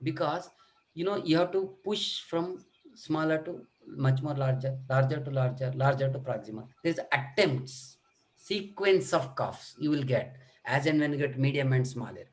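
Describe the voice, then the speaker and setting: A man's voice: fairly high pitch, moderate pace. A middle-aged man lecturing on children's coughs in an online medical workshop, demonstrating coughs and talking with many fillers. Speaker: pediatric lecturer.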